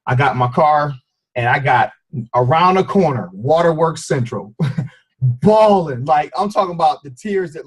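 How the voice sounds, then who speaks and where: A man's voice: fairly high pitch, lively intonation, normal speed, breathy edge, low-quality recording. A man, a fitness coach and father, telling a team call an emotional story of forgiveness, talking to listeners as y'all in a preacher-like way. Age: adult with a child. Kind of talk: motivational team call talk.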